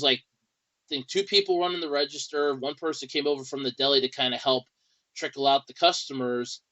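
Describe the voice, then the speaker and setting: A man's voice: medium pitch, pushed and bright, rough recording. A man hosting a podcast in a casual, rambling monologue with a wry tone and lots of fillers, speaking. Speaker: podcast host.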